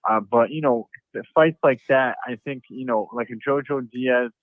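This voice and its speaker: A man calling into a show by phone, giving his view in a halting way with many restarts. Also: medium pitch, no room sound. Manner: halting, repeats words, many fillers. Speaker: caller. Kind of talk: phone call-in opinion. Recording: tinny phone line.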